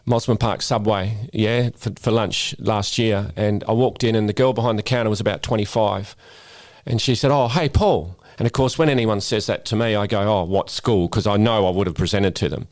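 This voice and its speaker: A man's voice: lowish voice, a little mellow, dry recording. A middle-aged Australian man, a guest speaker and former police officer, chatting casually in a podcast interview and often repeating words as he starts a sentence. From Western Australia.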